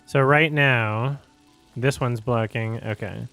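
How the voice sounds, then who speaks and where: A man's voice: mid-range voice, takes it slowly, pushed and bright, no room sound, soft background music. A man hosting a stream, chatting casually while playing a game. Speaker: host.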